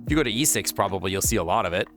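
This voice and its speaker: A playful young man talks loosely on a live stream, rambling through viewer messages. His pitch bounces all over the place and keeps jumping into squeaky high exclamations. Faint music plays underneath. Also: animated, racing, fairly bright tone. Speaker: VRChat streamer.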